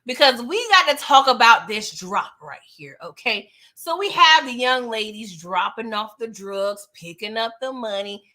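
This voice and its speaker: A woman giving a casual recap of a TV episode, animated and chatty, talking straight to her viewers. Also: fairly high pitch, a little slow, hardly any pauses. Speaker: TV recap vlogger.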